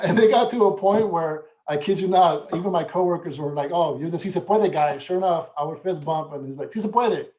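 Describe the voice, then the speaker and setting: A man's voice: on the high side, darkish tone, reverberant, rough recording. A man speaking as a guest in an interview, earnest and reflective, at times close to emotion. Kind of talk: conversational interview answers.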